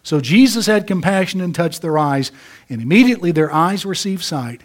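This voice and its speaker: A pastor delivers a sermon in a husky, slightly high-pitched voice. He builds to emphatic, forceful peaks, then sinks to low, quiet asides. The delivery is dramatic and expressive throughout. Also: brisk.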